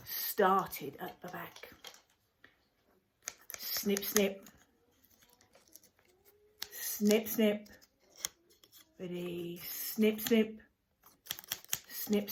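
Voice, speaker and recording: A woman reading a story aloud to a group, saying each phrase slowly and repeating it, often in a whisper, and playing up the characters' lines. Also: expressive, a little hiss or hum, low-quality recording. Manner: plays up the characters' lines with big jumps in pitch and loudness.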